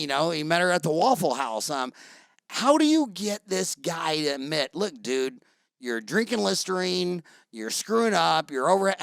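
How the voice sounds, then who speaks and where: A man hosting an interview podcast, talking in a loose, animated, rambling way with salty language. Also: on the high side, creaky, clear, resonant tone, no echo. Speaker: podcast host. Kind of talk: casual interview chat.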